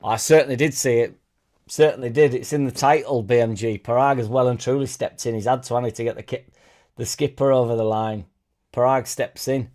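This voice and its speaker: Mellow-voiced man chatting on a livestream. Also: medium pitch, fairly even intonation, a little fast. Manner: rambling and chatty, reads out viewer comments; self-deprecating asides. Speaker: fan channel host. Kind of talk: casual live-stream chat.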